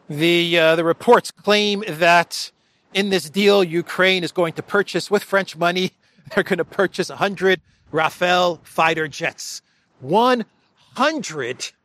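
A man with a fairly high voice delivers solo political commentary. He sounds sarcastic and mocking and laughs often between points. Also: a bit bright.

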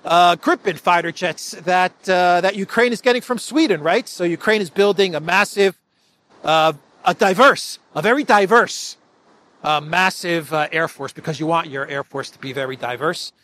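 Sarcastic high-voiced male commentator. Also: normal speed, a bit bright. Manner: sarcastic, mocking, laughs between points. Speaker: political commentator. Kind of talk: solo political commentary.

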